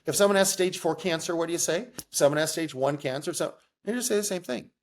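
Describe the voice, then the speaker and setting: A man's voice: a little high, fast. A middle-aged man sharing his own story as an interview guest, earnest and emotional, often restarting sentences and checking in with a "right?". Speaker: interview guest, mental health advocate. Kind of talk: candid personal storytelling.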